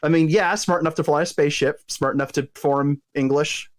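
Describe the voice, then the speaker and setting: A man's voice: fairly high pitch, fairly even intonation, fairly quick. A man hosting a podcast, chatting casually and animatedly about a cartoon, laughing often. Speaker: podcast host. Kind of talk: casual chat.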